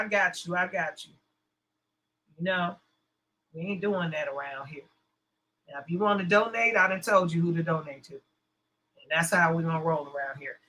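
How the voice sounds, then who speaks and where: A woman's voice: mid-range voice, bright, forceful tone, rough recording. A woman hosting a casual livestream, sassy and blunt as she talks back to her chat. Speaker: livestream host.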